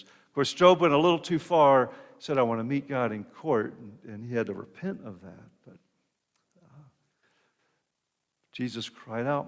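Pastor preaching in a reverberant hall. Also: male voice, medium pitch, expressive, a little slow, gravelly. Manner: conversational preaching, frequent "right?" asides and repeated words. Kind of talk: sermon.

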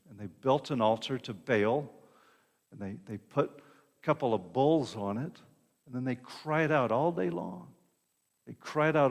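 A man's voice: mid-range voice, unhurried. Man preaching conversationally in a reverberant hall. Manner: conversational, asides with "right?", occasional restarts. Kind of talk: sermon retelling a Bible story.

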